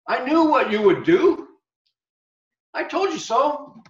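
A man's voice: high-pitched, animated, a little slow, fairly bright tone, roomy sound, dull audio, voice pushed up. A man voicing the prophet Jonah as a sulky, exasperated grown man who protests and pleads with God. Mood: indignant.

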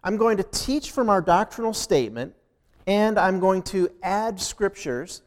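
Slow-paced preacher in a reverberant hall. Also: male voice, high-pitched, lively intonation. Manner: storytelling, acting out dialogue, emphatic. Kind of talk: sermon with personal story. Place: church sanctuary.

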